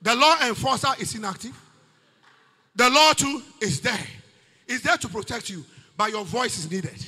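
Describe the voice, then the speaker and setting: A Ghanaian pastor preaching a sermon in a church, often shouting his points with rising emphasis. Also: extremely high pitch, normal speed, husky, long reverb tail.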